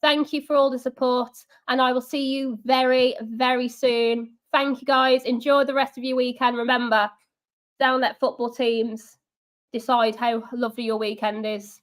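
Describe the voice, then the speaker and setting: A woman's voice: fairly high pitch, level tone, moderate pace. A young woman hosting a live football watch-along, chatty and sarcastic, reading out viewer comments. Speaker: fan channel watch-along host.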